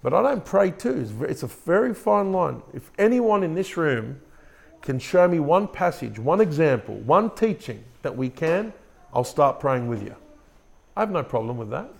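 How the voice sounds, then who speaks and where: Gravelly, preaching male pastor. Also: on the high side, very animated, moderate pace. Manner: repeats words and restarts, asks the congregation questions. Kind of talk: sermon. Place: church room with a congregation.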